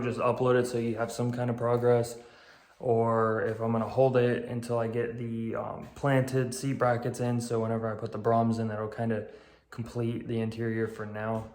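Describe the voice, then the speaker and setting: A young man vlogging about fixing up his car, talking casually and bluntly, with some swearing and self-deprecating jokes. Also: medium pitch. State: out of breath. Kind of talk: casual vlog. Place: home garage.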